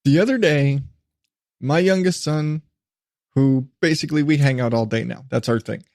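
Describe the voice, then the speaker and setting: A man's voice: medium pitch, normal speed, a little mellow, no echo, studio quality. A man in his thirties hosting a solo podcast, rambling in a hyper, laughing way with lots of restarts. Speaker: podcast host.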